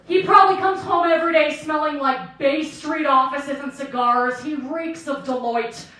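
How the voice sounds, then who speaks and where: A woman in her late twenties performing a stand-up set, telling self-deprecating stories in an animated way. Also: sits high, moderate pace, a crowd in the background. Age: late 20s. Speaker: stand-up comedian. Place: comedy club stage with audience laughter. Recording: echoey room, distant mic, audible noise.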